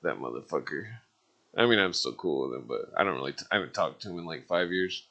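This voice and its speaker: The sound is lo-fi as this caller to a live stream talks fast in a rumbling low voice with vocal fry, a sharp tone, and lively intonation. His casual, rambling stories come packed with constant swearing and filler words.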